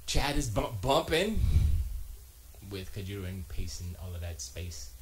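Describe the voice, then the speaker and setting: A man hosting a casual livestream from his home music studio, reading chat aloud and joking, with quiet muttered asides to himself. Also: sits low, big pitch swings, a little slow. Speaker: live streamer reading chat.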